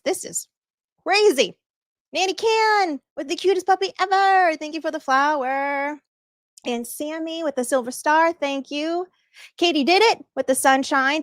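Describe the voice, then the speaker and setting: A woman's voice: a little high, a bit bright, no room sound, clean studio sound. A woman with a Boston accent hosting a casual livestream, bubbly and effusive as she thanks viewers and laughs often. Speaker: livestream host. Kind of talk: casual live-stream chat thanking viewers.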